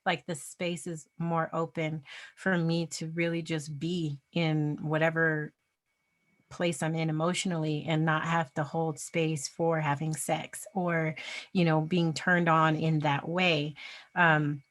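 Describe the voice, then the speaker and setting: A woman's voice: low-pitched, little pitch movement, takes it slowly. A woman guest in a video interview, speaking candidly and reflectively, laughing between thoughts. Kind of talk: casual video interview chat.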